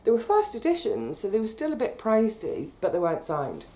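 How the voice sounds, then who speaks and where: A British woman telling a personal story in a chatty, animated way, getting emotional as she recalls it. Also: medium pitch, a little fast. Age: 30s. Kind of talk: casual storytelling monologue.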